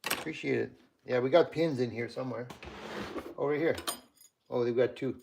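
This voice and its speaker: Canadian man, live-stream host, easygoing workshop chatter, mid pitch, faint noise behind. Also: normal speed, vocal fry. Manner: chatty, greets viewers by name while working. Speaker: livestream host. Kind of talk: casual live-stream chat while working.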